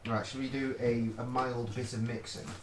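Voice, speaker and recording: A man's voice: medium pitch, level tone, normal speed. A man, chatting casually as he directs a home recording session. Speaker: stream host recording vocals. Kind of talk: casual studio chat. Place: home studio. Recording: echoey room, mic far off, noisy.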